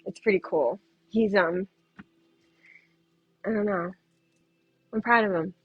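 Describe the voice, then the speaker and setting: A woman's voice: mid-range voice, slow pace, slightly rough, dry recording, highs cut off. A woman who reads tarot, chatting casually and loosely on a livestream from home and laughing often. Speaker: tarot reader.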